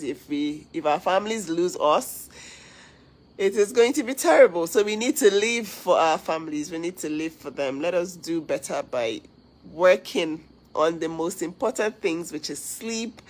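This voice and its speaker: A woman's voice: on the low side, poor audio. A woman hosting a casual livestream, talking earnestly to viewers, giving advice and thanking them. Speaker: livestream host.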